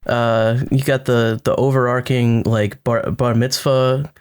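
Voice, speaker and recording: A man's voice: medium pitch, level tone, a little slow, a little mellow, clean tone. A man co-hosting a casual podcast, talking hesitantly and searching for words. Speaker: podcast co-host. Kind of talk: casual chat.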